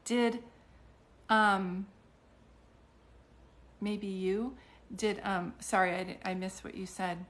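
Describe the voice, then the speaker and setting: A woman's voice: mid-range voice, little pitch movement, measured pace. A middle-aged woman doing psychic readings on a live stream, talking in a chatty, rambling way with many restarts and fillers.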